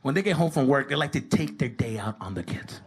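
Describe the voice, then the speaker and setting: A man doing a stand-up comedy set, animated, acting out yelling characters. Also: mid-range voice, fairly quick, slight background noise.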